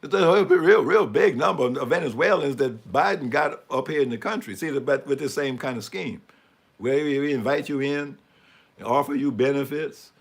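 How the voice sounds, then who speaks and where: A man giving sarcastic, mocking commentary on a live stream and asking for the next image as he talks through slides. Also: medium pitch. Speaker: speaker commenting on news images.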